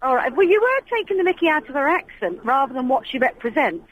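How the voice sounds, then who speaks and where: A woman's voice: high-pitched, big pitch swings, fast talker, phone-quality sound. A woman from London calling a radio show by phone from her car, earnest and politely indignant. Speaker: radio caller. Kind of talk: casual phone call. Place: sitting in a car. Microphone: phone line.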